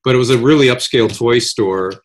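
An older man casually telling long, rambling personal anecdotes, animated, with restarts and quoted dialogue. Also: medium pitch, fast. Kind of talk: casual conversational storytelling.

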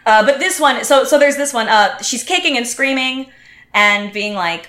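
Woman guest, bright and fairly high voice, animated storyteller, roomy echo. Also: moderate pace. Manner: animated, acts out quotes, many restarts. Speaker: podcast guest. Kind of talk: casual storytelling chat.

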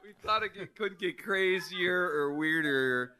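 A man's voice: sits high, a little slow, pushed and bright, a little hiss or hum. A man co-hosting a comedy podcast, laughing and teasing his co-host. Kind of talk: casual comedic podcast chat.

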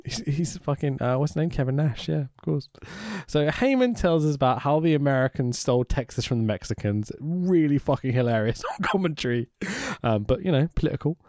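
A man casually co-hosting a podcast, excitable and sweary, laughing often as he recaps. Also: a little high, brisk, hardly any pauses, no room sound, clean studio sound. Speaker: podcast co-host recapping wrestling. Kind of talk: casual chat.

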